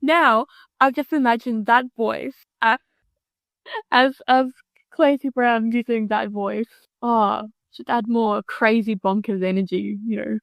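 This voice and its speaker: A woman's voice: a little high, steady tone, a little slow, creaky, dry recording. Incredulous woman co-hosting a film podcast. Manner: reactive, incredulous, laughing asides. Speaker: podcast co-host. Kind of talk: casual film-review chat.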